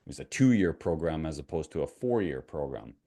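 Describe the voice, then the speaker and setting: A man's voice: extremely low pitch, sing-song, fairly quick, warm tone. A middle-aged Canadian man, a mindset coach, telling a parable and personal story in a conversational, motivational way to camera. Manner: conversational, asks the viewer questions, retells a parable.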